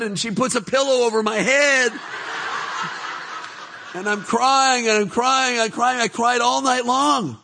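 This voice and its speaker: A middle-aged man preaching a testimony sermon, telling his story with animated laughter, turning soft and hushed when he reflects. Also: extremely high pitch, a little hiss or hum.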